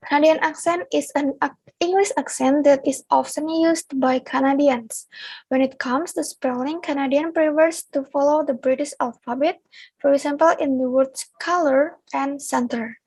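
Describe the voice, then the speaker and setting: Her voice sits high yet carries a darkish tone as this young Indonesian student reads a prepared class presentation at a measured pace, with an Indonesian accent. The recording has no echo but is low in quality.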